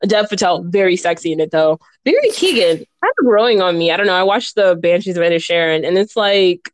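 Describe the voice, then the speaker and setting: A woman co-hosting a casual podcast, telling animated stories, acting out the quotes and laughing often. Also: on the low side, brisk, dry recording. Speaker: podcast co-host.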